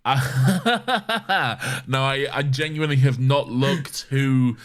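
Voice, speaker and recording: A man's voice: mid-range voice, slow pace, fairly bright tone. A man co-hosting a podcast in casual film chat, swearing freely, ranting and laughing often. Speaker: podcast co-host.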